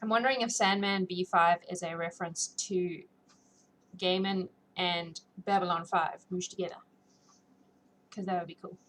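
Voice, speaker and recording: A woman's voice: on the low side, moderate pace. Woman reading aloud, voice a bit scratchy. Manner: relaxed and chatty. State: sore, scratchy voice. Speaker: audiobook reader and streamer. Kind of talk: reading a novel aloud, then casual chat.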